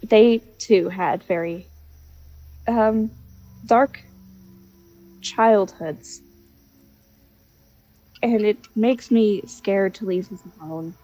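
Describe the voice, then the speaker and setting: Woman playing a homesick young writer, soft, hesitant, mellow voice, slow, faint music behind. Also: mid-range voice, lo-fi sound. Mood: heartfelt.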